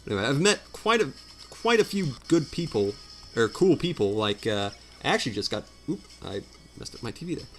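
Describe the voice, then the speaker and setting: A man's voice: mid-range voice, very animated, a little fast, fairly bright tone, faint music behind. A man chatting at home during a game playthrough, rambling and self-deprecating with many fillers. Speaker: let's play commentator. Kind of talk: rambling casual chat. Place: home room.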